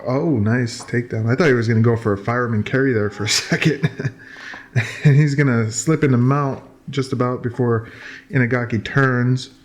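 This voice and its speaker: A man's voice: medium pitch, normal speed. A man giving casual, joking commentary while watching old fight footage, with lots of fillers and restarts.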